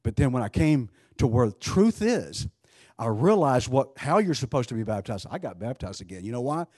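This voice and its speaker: A man's voice: medium pitch, big pitch swings, normal speed, darkish tone, breathy edge, no room sound, studio quality. A man preaching a sermon, emphatic, asking rhetorical questions and often restarting his sentences.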